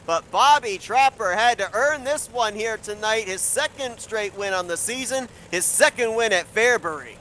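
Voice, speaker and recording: A man hosting a race broadcast as lead commentator, excitable and breathless as he runs down the results. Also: high voice, moderate pace, hardly any pauses, a little hiss or hum. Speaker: lead sim racing commentator.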